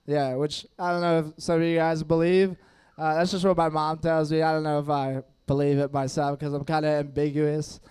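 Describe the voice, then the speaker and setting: This young comedian has a clear lisp and a smooth, clear voice that sits high for a man, though here his tone is level and somewhat dark at normal speed. Performing on a stage mic for diners, he does loose, self-deprecating crowd work and laughs at his own lines.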